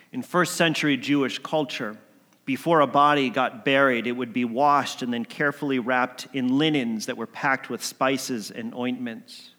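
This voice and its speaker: A man telling a story as a sermon, swinging between emphatic lines and hushed ones. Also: medium pitch. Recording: long hall reverb.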